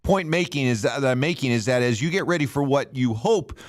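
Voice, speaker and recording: A man's voice: medium pitch, animated, brisk, no room sound, clean studio sound. A man hosting a sports talk radio segment, delivering casual solo commentary with a self-aware, snarky streak and a loose, rambling flow. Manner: conversational, self-aware snark, frequent restarts and fillers.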